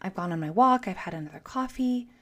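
A woman's voice: medium pitch, lively intonation, quick pace. A middle-aged woman hosting a show, speaking earnestly and directly to the listener in a motivational monologue. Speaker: podcast host.

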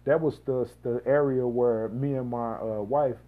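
A man from Missouri tells a personal story in a loose, rambling way, full of slang, fillers and side remarks. His voice sits at an ordinary pitch for a man. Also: fairly even intonation, a little slow, narrow, tinny audio. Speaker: podcast host. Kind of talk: casual first-person storytelling.

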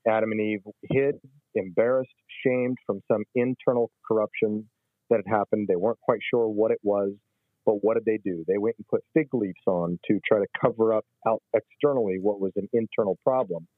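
A man's voice: on the low side, steady tone, normal speed, no echo. A man explaining scripture in a religious discussion, emphatic and teaching. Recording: tinny phone line.

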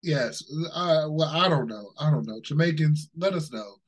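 Animated husky man ranting on a podcast. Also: a little high, moderate pace, poor audio. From Ohio, USA. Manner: animated, ranting, laughs often, swears freely. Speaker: podcast co-host. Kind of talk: casual podcast chat.

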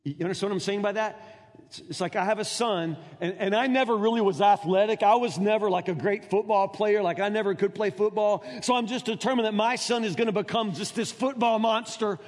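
A male pastor delivering a sermon with a fairly high voice, earnest and stammering, with repeated words and frequent questions to the listeners. His voice carries a long reverb from a large hall. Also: brisk. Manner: earnest, stammering repetitions, rhetorical questions to the congregation.

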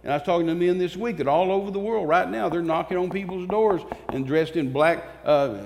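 In a church sanctuary with long reverb, a man preaches a fervent, emphatic sermon, pausing and repeating phrases for force. His voice sits high and sounds gravelly.

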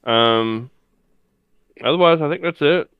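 Very clear-voiced hesitant male panelist. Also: fairly high pitch, takes it slowly, no room sound, phone-quality sound. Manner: hesitant, many fillers. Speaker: podcast panelist. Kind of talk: casual chat.

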